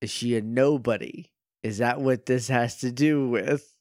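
A man's voice: mid-range voice, measured pace, darkish tone, dry recording, studio quality. A man co-hosting a podcast, making wry jokes and asking puzzled questions in casual chat. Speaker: podcast co-host.

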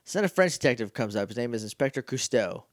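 A man co-hosting a podcast, chatting casually and joking as he recaps a TV episode, slipping into quick character impressions. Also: mid-range voice, very animated, no room sound, studio quality. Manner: jokey, mimics characters in quick asides. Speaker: podcast co-host.

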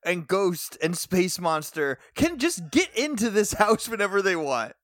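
A man co-hosting a podcast, tossing in quick jokes and laughing often while they recap a show. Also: sits high, very animated, fairly bright tone, no room sound, clean studio sound. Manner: quick jokey interjections, frequent laughter. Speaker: podcast co-host. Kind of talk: casual chat recapping a show.

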